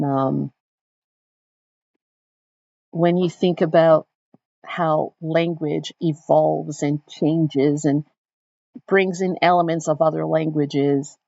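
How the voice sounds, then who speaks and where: A woman teaching a recorded literature lesson, thoughtful and explanatory, pausing to restart her phrasing, on a dull, dry recording. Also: sits low, vocal fry, a little mellow, no room sound.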